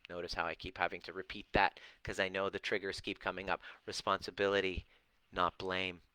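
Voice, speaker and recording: A man's voice: deep voice, flat delivery, fairly quick, pushed and bright, smooth, no room sound, poor audio. A middle-aged man coaching on relationships and healing, talking bluntly and preachily with profanity and mocking put-on voices. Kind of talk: direct-to-camera talk answering viewers.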